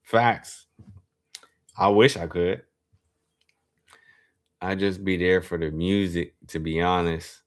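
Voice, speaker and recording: A young man streaming live, telling a story to his chat in an animated, slangy, profane way and reading the chat aloud. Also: low voice, takes it slowly, long pauses.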